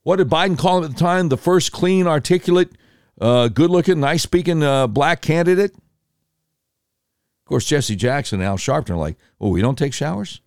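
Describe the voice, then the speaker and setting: A man telling political history in an animated way, breaking into quick impressions of voters and politicians. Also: fairly high pitch, smooth, dry recording, studio quality.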